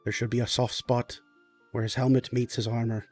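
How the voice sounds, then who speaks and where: A man's voice: mid-range voice, normal speed, dark tone, soft background music, close to an everyday voice. A man doing a fussy, scheming little lord. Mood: muttering. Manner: obsequious, formal and apologetic. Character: small fussy male lord, overly polite and scheming.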